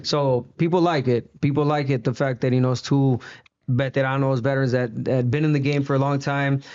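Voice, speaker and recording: A man in his thirties with a Mexican accent, an animated storyteller who acts out quoted voices in a casual podcast chat. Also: mid-range voice, brisk, clear, resonant tone, highs cut off. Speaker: podcast guest, boxing commentator.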